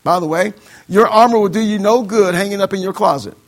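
High, gravelly-voiced preaching man. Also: fairly quick. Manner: call-and-response preaching, quoting scripture, mocking excuses in voices. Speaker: pastor. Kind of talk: sermon.

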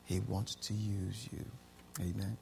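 A man preaching a sermon as pastor, building excitement with repeated phrases. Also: fairly low pitch, slow pace, vocal fry, slight background noise.

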